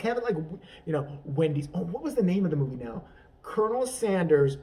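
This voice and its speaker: A man's voice: sits high, huge pitch swings, fairly quick, warm tone, distant mic. Rambling, crude man laughing at his own jokes. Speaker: comedy vlogger. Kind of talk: profane improvised comedic rant.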